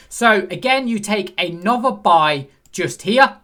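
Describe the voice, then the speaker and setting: A man's voice: sits high, lively intonation, measured pace, few pauses, bright, forceful tone. Guy walking you through forex charts, bouncy voice going up and down, asks you questions as he goes. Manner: conversational, asks the viewer questions; acts out a frustrated trader's inner voice. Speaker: trading instructor. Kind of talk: screen-share chart lesson.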